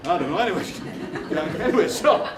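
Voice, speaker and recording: A middle-aged man with a Barnsley Yorkshire accent telling quick, jokey stories to a live audience as a performance poet. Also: sits high, lively intonation, a crowd in the background. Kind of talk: comic storytelling on stage. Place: theatre stage before a live audience. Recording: roomy, distant theatre recording with noise.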